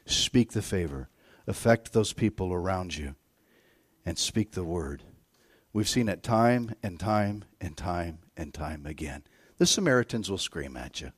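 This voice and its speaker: A middle-aged man preaching a sermon as a guest preacher, telling stories and swinging between hushed and loud, excited delivery. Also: sits low, measured pace, breathy edge, dry recording.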